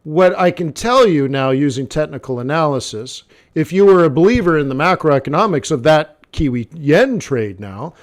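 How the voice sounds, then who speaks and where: A man's voice: a little high, lively intonation, normal speed, few pauses. A man coaching a live forex trading session in a blunt, conversational way, talking straight to the viewer with lots of "okay" and "like". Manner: conversational, repeats phrases, many "okay" and "like" fillers.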